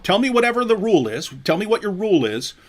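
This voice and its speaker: A man hosting a livestream, calmly reasoning through points in a conversational way. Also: sits high, fast. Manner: reasoned, conversational, explains with examples. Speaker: livestream host. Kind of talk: casual commentary.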